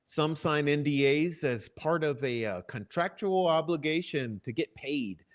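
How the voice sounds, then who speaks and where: A middle-aged man hosting a live stream, swearing freely and swinging from loud outbursts to low muttering. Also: animated, unhurried, long pauses. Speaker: channel host. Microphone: desk microphone.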